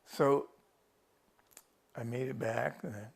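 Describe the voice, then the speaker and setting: Gravelly-voiced man recounting an ordeal. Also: mid-range voice, fairly even intonation, slow. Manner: rambling storyteller, restarts and quotes his own thoughts. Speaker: rescued hiker interviewed by a TV reporter. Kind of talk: casual first-person account.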